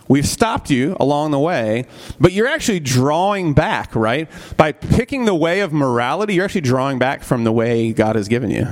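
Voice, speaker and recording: A man teaching a church Bible study class in a conversational way, asking the group questions, often adding "right?", and briefly acting out the characters he quotes. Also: a little high. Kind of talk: interactive church class lecture.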